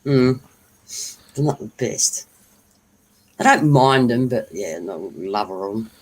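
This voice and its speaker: A woman in casual chat, talkative and quick to laugh. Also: rumbling low, expressive, darkish tone, poor audio. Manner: chatty, laughing, exclamatory.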